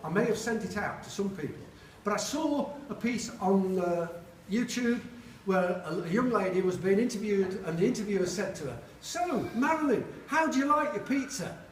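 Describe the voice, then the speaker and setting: A Sheffield man in his seventies gives an after-dinner speech at a reunion lunch in a large dining hall, joking through funny anecdotes and acting out the people in them. His voice sits high with a darkish tone, runs a little fast with hardly any pauses, and is picked up far from the mic. The hall is echoey and a faint hum lingers.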